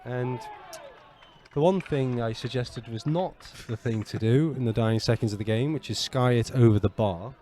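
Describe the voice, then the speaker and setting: A man with a mellow, rounded voice chats casually outdoors at a football ground. He plays the patient teacher, spelling out Italian words slowly. He keeps a teasing, easygoing tone while he comments on the game. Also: mid-range voice, a little hiss or hum. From England. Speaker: podcast co-host. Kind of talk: casual match commentary and banter.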